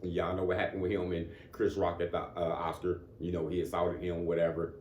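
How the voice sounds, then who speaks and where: Man, motivational speaker, deep-ish voice, laid-back chatty delivery, little laughs, roomy echo. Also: completely flat delivery, brisk, a little mellow, slight background noise. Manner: conversational, keeps asking "you know what I'm saying"; chuckles between points. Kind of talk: casual motivational talk. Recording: echoey room.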